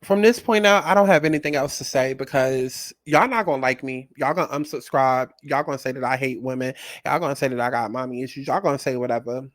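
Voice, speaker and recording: A man's voice: mid-range voice, quick pace, hardly any pauses, no room sound. A man hosting a reaction commentary channel, blunt, profane and sassy as he riffs on a clip.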